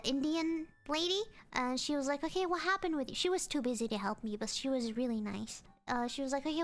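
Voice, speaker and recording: Woman, high voice, casual storytime, dramatic, swears a lot. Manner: dramatic, swears freely, jumps between pitches. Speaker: virtual streamer.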